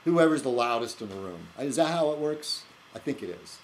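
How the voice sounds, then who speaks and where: A man's voice: mid-range voice, brisk, a little hiss or hum, rough recording. A man hosting his own video blog, talking in a loose, rambling way with many fillers and restarts. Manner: animated, laughs at his own jokes. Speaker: video blogger. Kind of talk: casual rambling monologue.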